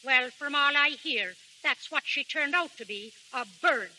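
A woman's voice: sits high, a little slow, bright, forceful tone, slight background noise, heavily acted, rough recording. An actress playing a strict middle-aged mother who scolds her daughter, in a 1930s radio drama. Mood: scolding. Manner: scolding and know-it-all.

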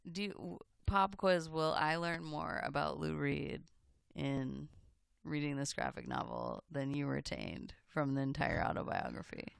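A man's voice: on the high side, big pitch swings, measured pace, creaky, hardly any pauses, a bit bright, smooth, no room sound, clean studio sound. A man co-hosting a music radio show, teasing his co-host in casual on-air banter.

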